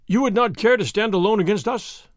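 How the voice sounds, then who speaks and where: A man voicing the proud leader of young noble horsemen, speaking sternly and forcefully. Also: high voice, fairly quick, no room sound, studio quality, close to an everyday voice.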